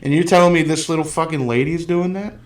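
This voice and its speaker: A podcast host, male, talks fast in a fairly high voice. He's chatting casually about a movie, blunt and profane, telling stories with lots of animation.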